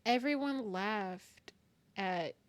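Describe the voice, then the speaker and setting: Speaking at a very slow pace and a medium pitch, a woman streamer chats casually on a live stream. She's animated and giggly, laughing a lot, and rambles with restarts, calling herself very nervous.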